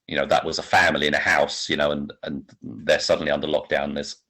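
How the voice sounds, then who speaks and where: Really deep voiced guy on a film podcast, halting and rambly. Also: little pitch movement, sharp tone, husky. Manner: rambling, halting, many restarts. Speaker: podcast co-host. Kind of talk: casual film review chat.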